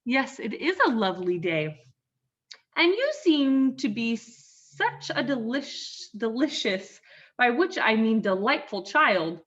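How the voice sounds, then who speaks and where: A woman voicing a sly, smooth-talking male wolf in a children's story, speaking low and charming. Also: very animated, slow, fairly bright tone, full character voice. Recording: dull lo-fi sound.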